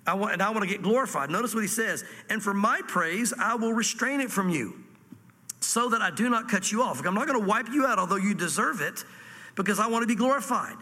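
A man preaching an expository sermon, animated, reading scripture dramatically and dropping to hushed asides. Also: sits high, fairly quick, in a large hall. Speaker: pastor.

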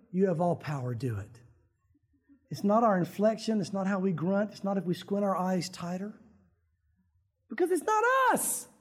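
A man's voice: high-pitched, breathy edge. A male pastor delivering a sermon in a loose, conversational way. He talks to the congregation like old friends and slips into dramatic prayer voices to make his points.

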